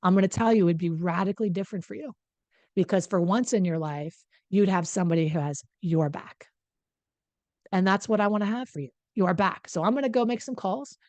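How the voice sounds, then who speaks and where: A woman's voice: medium pitch, a little fast, a little mellow, no room sound. A middle-aged woman coach talking casually and candidly to the camera, mocking herself in a chatty way. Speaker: relationship coach. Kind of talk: casual direct-to-camera talk.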